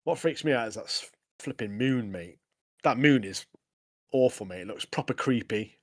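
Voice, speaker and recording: A man co-hosting a podcast, recapping episodes in casual, animated chat. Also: medium pitch, moderate pace. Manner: animated recapping, frequent "mate". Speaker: podcast co-host.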